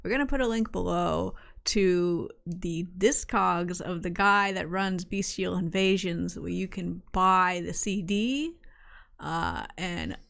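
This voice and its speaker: A woman's voice: fairly low pitch, lively intonation, slow pace, vocal fry, a bit bright. Chatty woman podcast co-host. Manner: chatty, wry, laughs often. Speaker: podcast co-host reviewing a metal album. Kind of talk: casual podcast chat.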